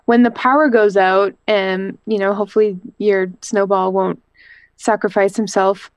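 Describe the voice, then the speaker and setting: A woman's voice: mid-range voice, steady tone, a little slow, clean tone, dry recording. A woman on a casual podcast chat, bubbly and jokey with lots of energy.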